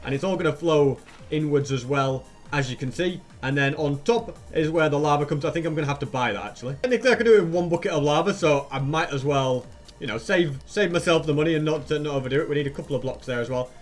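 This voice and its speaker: A man's voice: on the high side, quick pace, soft background music. A young man narrating his own gameplay in a chatty way, asking viewers rhetorical questions as he goes. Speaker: Minecraft YouTuber. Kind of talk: gameplay commentary.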